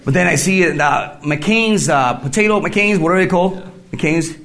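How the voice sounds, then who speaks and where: A man giving a personal faith testimony, telling his story in halting English and laughing through it. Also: high-pitched, a bit bright, slight background noise. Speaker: testimony speaker.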